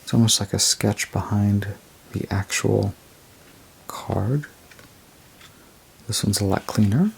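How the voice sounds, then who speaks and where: A man casually reviewing a tarot deck, rambling and unhurried as he describes each card. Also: fairly low pitch, gravelly, a little hiss or hum. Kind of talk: casual show-and-tell review.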